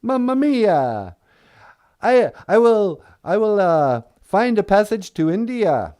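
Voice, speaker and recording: Guy doing a cheesy fake-italian explorer voice, big and boastful, pitched up, bouncy. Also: big pitch swings, slow pace, warm tone, heavily acted. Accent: mock Italian. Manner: hammy, grandiose declarations.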